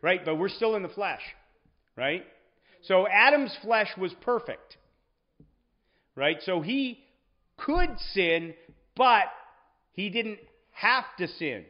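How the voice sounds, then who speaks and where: A man's voice: high voice, animated, slow pace, long pauses, lo-fi sound. A man teaching a Sunday school class on scripture, conversational, often checking in with the room.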